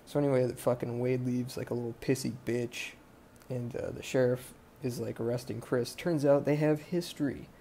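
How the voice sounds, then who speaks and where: A man with a gravelly, dark voice retells a film for his podcast. He talks in a flat, even tone. He rambles, swears a lot and keeps drifting off the plot. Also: medium pitch, moderate pace, slight background noise. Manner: rambling, profane, sidetracked. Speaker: podcast host. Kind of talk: casual movie recap.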